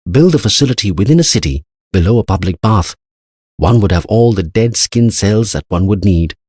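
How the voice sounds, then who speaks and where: A man's voice: on the low side, expressive, moderate pace, a little mellow, husky, no echo, voice pushed up. A man voicing an anxious older male scientist who explains at length in an earnest way. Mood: bitter.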